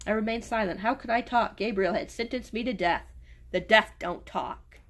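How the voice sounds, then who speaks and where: A woman's voice: mid-range voice, normal speed. A woman book reviewer reading a novel aloud and retelling it in a casual way, stumbling and restarting over words.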